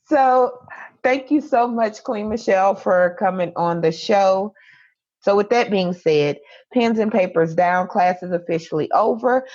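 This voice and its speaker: A woman's voice: mid-range voice, measured pace, a little mellow, highs cut off. A woman hosting a podcast, asking encouraging questions and wrapping up with a signature sign-off. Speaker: podcast host. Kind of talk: casual interview chat.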